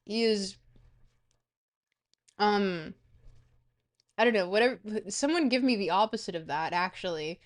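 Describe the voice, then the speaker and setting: A woman's voice: medium pitch, measured pace, pauses often. A woman streamer in a casual livestream chat, goofy and rambling, swearing freely.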